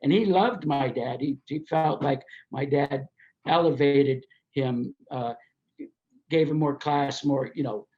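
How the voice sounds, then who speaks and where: A man's voice: mid-range voice, slow, highs cut off. An older man, a race promoter, telling anecdotes as a podcast guest and acting out the voices of the people in his stories. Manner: animated, acts out quoted voices while telling anecdotes. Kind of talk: storytelling in a podcast interview.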